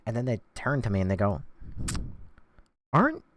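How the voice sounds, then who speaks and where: A man's voice: on the low side, racing, slight background noise. A man chatting and joking as he plays a video game and reads chat. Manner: animated, jokey, chatty. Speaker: game streamer. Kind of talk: casual gameplay commentary.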